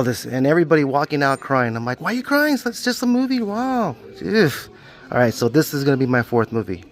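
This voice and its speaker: A middle-aged man, casually vlogging his way through a video rental store and joking about himself in the third person. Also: medium pitch. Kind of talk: casual vlog walkthrough.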